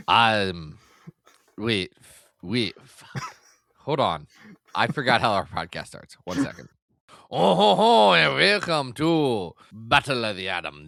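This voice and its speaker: A man's voice: on the low side, bright, forceful tone, dry recording, clean studio sound. A man in his forties co-hosting a podcast, with playful, jokey banter. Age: 40s. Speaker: podcast co-host. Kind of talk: casual comedic chat.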